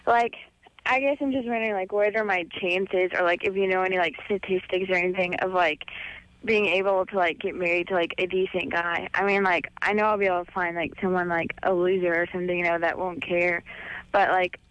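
A woman's voice: lowish voice, steady tone, fairly quick, a bit bright, dry recording. A young woman calling a radio show, hesitant and full of likes and ums as she asks her question. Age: young adult. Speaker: caller. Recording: muffled phone line.

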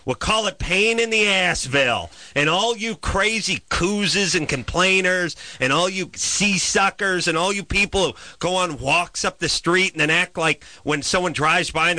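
A man telling a comic story as a profane, exasperated rant that swings into loud shouted bits. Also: fairly high pitch, dry recording.

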